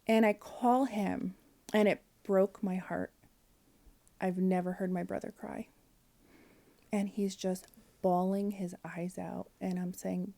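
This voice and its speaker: Mellow-voiced woman telling a family story. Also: mid-range voice, steady tone, unhurried. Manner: candid, emotional, with frequent fillers and quoted dialogue. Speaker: podcast guest. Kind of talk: personal storytelling in conversation.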